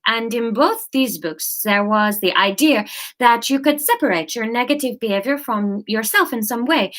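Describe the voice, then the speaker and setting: A warm, welcoming woman running a book club meeting, read out by a woman narrating her story. She speaks in a measured, friendly way, a little higher than the narrator.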